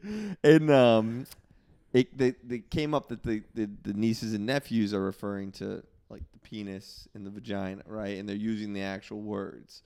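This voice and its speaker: A man's voice: lowish voice, fairly even intonation, moderate pace, warm tone, clear, resonant tone. A man co-hosting a comedy podcast, chatting casually and teasing his guests. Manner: joking, teasing. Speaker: podcast co-host. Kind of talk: casual banter.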